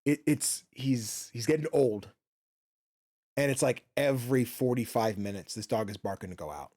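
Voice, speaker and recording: A male gaming streamer chats loosely from his home office, with a mid-pitched voice on a desk microphone. He rambles, swears freely and keeps circling back with fillers and restarts. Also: normal speed, dark tone. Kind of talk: casual chat while streaming a game.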